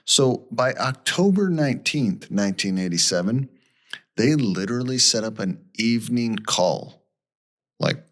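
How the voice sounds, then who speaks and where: A man's voice: medium pitch, lively intonation, a little slow, a bit bright. A man co-hosting a podcast, telling a story in a casual, rambling way and acting out the people he quotes. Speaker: podcast co-host.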